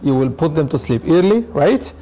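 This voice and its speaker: Middle-aged male imam lecturing, mellow, pitched a bit high. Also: lively intonation, normal speed, rough recording. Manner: explanatory, uses anecdotes and acted quotes. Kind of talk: lecture with audience questions.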